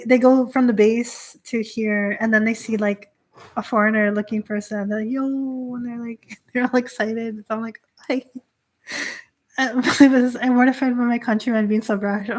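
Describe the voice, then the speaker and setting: A young Canadian woman who is a Shinto priestess hosts a live stream, chatting casually as she reads out viewer comments. She laughs often and uses many fillers, and her voice is on the high side.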